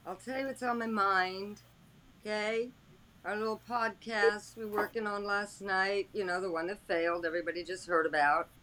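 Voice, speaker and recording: A man co-hosting a podcast, venting in a loud, exasperated, casual way. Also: high voice, steady tone, normal speed, background noise. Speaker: podcast co-host.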